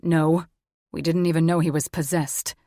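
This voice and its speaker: A desperate young wolf-shifter man, as a woman puts him on, speaking urgently and pleading, a little lower than her usual tone. The sound is dry and close, like a studio audiobook. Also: little pitch movement, moderate pace, warm tone, no room sound.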